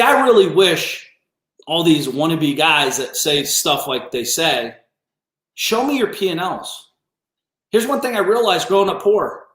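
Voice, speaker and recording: A man's voice: fairly high pitch, a bit bright. A man hosting a business coaching livestream, ranting bluntly and confrontationally with lots of swearing. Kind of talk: livestream rant. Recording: roomy echo.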